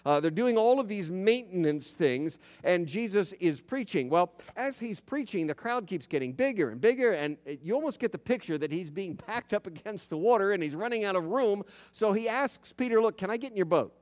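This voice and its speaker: A male pastor preaching a sermon in a conversational, storytelling way, slowing down for emphasis. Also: sits high, expressive, darkish tone. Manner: conversational storytelling, dramatic slowdowns. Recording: long reverb of a large hall.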